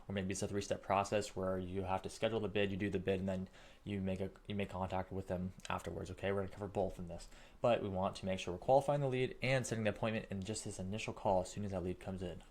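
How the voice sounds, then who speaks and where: Lowish-voiced man coaching a sales team. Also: darkish tone. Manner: emphatic, checks in with frequent "okay?". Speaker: sales trainer. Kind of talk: coaching lesson.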